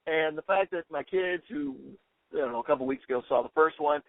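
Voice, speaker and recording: Podcast dad gushing, slightly high voice, dry tinny sound like a phone line. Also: male voice, no room sound. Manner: excited, quick to quote lines. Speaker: podcast co-host. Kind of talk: casual chat.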